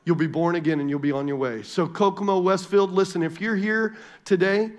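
A male pastor preaching a sermon, animated and joking with the congregation, asking for call-and-response, then dropping to quiet prayerful passages. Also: high voice, a little fast. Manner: animated, calls for audience response.

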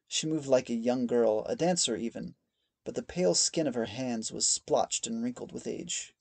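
A man narrating a fantasy audiobook in a measured storytelling reading on a close mic. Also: mid-range voice, vocal fry, breathy edge, no echo. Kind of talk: scripted narration.

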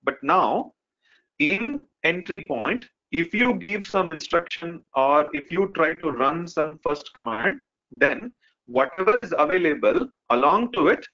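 A man's voice: on the high side, sharp tone. Lecturing man on a lo-fi call. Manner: explains step by step, many fillers like "okay" and "right". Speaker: instructor. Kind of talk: live online technical lesson. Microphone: video call. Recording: dull lo-fi call audio.

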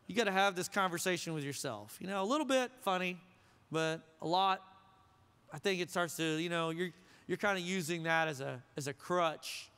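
Pastor, male, high bright voice, preaching in a loose joking way, long hall reverb. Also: smooth. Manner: conversational, joking, asks the crowd questions. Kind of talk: sermon. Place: church sanctuary.

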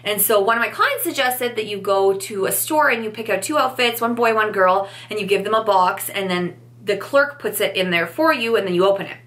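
A pregnant young woman telling a story to camera in a casual vlog, animated and chatty, acting out what people said. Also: mid-range voice, fairly quick, few pauses. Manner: animated, chatty, acts out quotes. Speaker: vlogger.

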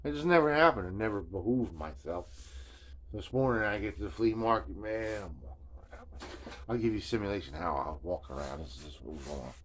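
A man's voice: sits low, animated, fairly quick, fairly bright tone, slight background noise. A man hosting a casual video journal. He rambles in a laid-back, storytelling way, with slang, swearing and constant "man" and "you know what I'm saying.". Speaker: video host.

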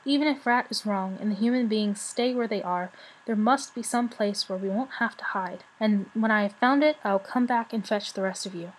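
A woman's voice: medium pitch, normal speed, close to an everyday voice, poor audio. A woman doing a stubborn young dragon. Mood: determined. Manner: quiet, cross, determined.

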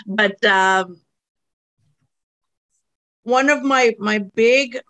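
A woman's voice: on the high side, drawn-out words, fairly bright tone. A woman from Canada, a podcast guest speaking in a heartfelt, emotional way in casual conversation.

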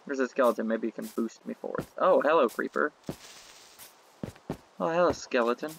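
A woman giving casual gameplay commentary, excitable, talking to herself and swearing when things go wrong. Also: very deep voice, moderate pace, vocal fry, a little hiss or hum. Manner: excitable, talks to herself, swears, frequent yelps and laughs.

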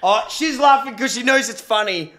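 A man's voice: extremely high pitch, normal speed, bright, forceful tone. A man streaming games who is playful and giggly, thanking viewers between rounds. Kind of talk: casual gaming stream chat.

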